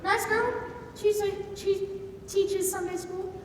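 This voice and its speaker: A woman's voice: very high voice, steady tone, slow pace, slight background noise. A woman playing a breezy, wisecracking young male sidekick in a community stage show, heard from a distance. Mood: teasing. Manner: breezy, teasing, incredulous. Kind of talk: stage musical acting. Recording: echoey hall from far off.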